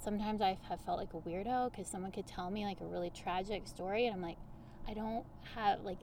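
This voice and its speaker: A woman talking as a guest on a podcast, coaching people on human design in a lively, chatty way full of everyday examples. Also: mid-range voice, fairly quick, a little hiss or hum. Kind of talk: casual conversational interview.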